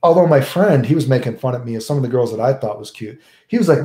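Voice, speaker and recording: A man's voice: mid-range voice, lively intonation, fast talker, dark tone, echoey room. A man with a Southern American accent, chatting casually with live viewers, rambling, swearing freely and tagging his lines with "right?". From United States. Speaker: livestreamer.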